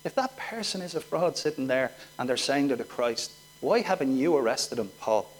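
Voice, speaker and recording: A man's voice: medium pitch, lively intonation, normal speed, voice pushed down, natural voice, low-quality recording. A man voicing an indignant man from a grumbling crowd, demanding why a supposed fraud has not been arrested. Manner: accusing, demanding.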